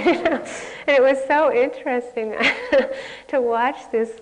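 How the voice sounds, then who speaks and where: A woman's voice: on the high side, measured pace, noisy background. A woman meditation teacher giving a candid dharma talk at a retreat, with self-mocking stories that often break into laughter. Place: retreat center meditation hall. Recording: long hall reverb.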